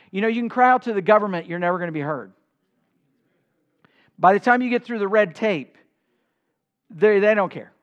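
A man's voice: high voice, lively intonation, normal speed, pauses often, highs cut off. A man, a pastor, preaching an impassioned sermon and quoting scripture in old-style wording to a congregation in a church.

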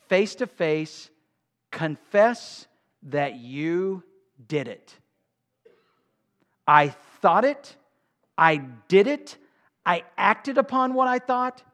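A man preaching a sermon, swinging between quiet talk and loud, drawn-out emphasis. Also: fairly high pitch. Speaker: pastor.

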